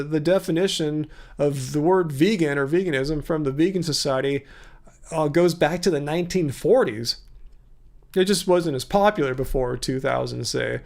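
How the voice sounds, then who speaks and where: Pitched on the high side with noticeable vocal fry, this tired fifty-something man runs a casual livestream. He rambles through viewers' comments, calling each person by name.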